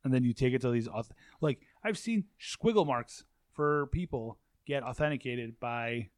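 A man's voice: mid-range voice, moderate pace, no room sound, studio quality. A man in casual chat, telling rambling stories full of swearing and quoted asides. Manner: profane, rambling storyteller.

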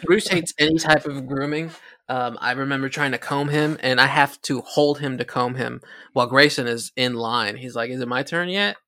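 A man chatting casually about his dogs, cracking quick jokes. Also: medium pitch, fairly even intonation, sharp tone, dry recording, studio quality. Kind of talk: casual chat.

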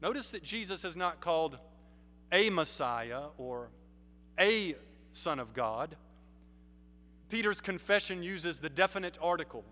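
A man preaching a sermon in a measured, emphatic way, building stress on key phrases. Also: on the high side, expressive, bright, forceful tone. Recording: long reverb of a large hall.

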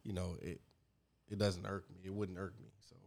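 A man in casual chat, speaking in an easygoing way that trails off softly, with many "you know"s. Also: sits low, little pitch movement, fairly quick, creaky.

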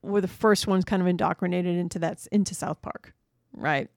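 A woman's voice: lowish voice, fairly even intonation, a little fast, creaky, a little mellow, no echo, clean studio sound. A middle-aged woman co-hosting a podcast, chatty and casual, often hedging with "you know". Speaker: podcast co-host.

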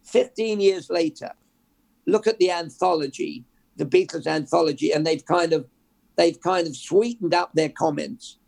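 A man, a journalist guest telling animated anecdotes in an interview. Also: fairly high pitch, normal speed, creaky. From England. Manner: animated, anecdotal, repeats words as he builds. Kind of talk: interview storytelling.

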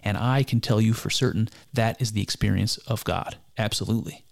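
A man's voice: on the low side, a little fast, vocal fry. A man giving a reflective spoken commentary on a text, earnest and musing, often stopping to restart his sentences. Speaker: speaker discussing mysticism.

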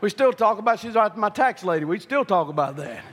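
A male preacher, telling a folksy story in his sermon that builds into shouted preaching. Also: high-pitched, very animated, brisk, a little hiss or hum. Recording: long reverb of a large hall.

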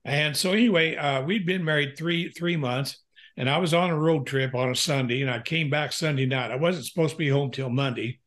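An older man, a pastor and counselor, telling a candid personal story in an interview, earnest and halting with frequent fillers. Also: a little high, fairly bright tone.

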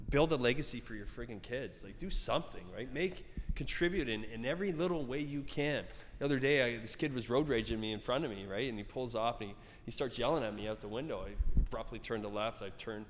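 In a casual interview, this middle-aged gym owner from Canada speaks a little fast in a mid-range voice, rambling, swearing and restarting often as he tells animated stories. There's echoey hall reverb plus a little hiss or hum.

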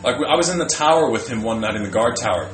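A young man co-hosting a podcast, telling crude barracks stories in a loud, animated, profane way. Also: mid-range voice, fast talker. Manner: animated, profane, loud when quoting others. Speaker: podcast co-host. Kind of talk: crude casual storytelling. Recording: echoey room with faint music.

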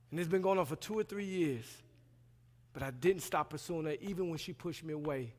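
High-voiced man preaching in a reverberant hall. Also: normal speed, pauses often. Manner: swings between loud emphatic preaching and quiet low asides; colloquial, plays out dialogue in voices. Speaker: pastoral resident. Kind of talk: sermon.

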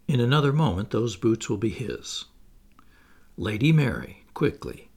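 A male narrator reading stage directions in a gravelly, husky voice. His delivery is measured and plain. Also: on the low side, sing-song. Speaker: audiobook narrator.

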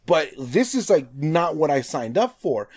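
A man from Nevada telling a story in casual chat, animated and swearing, acting out quotes with lots of "like". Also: a little high, measured pace, slightly rough.

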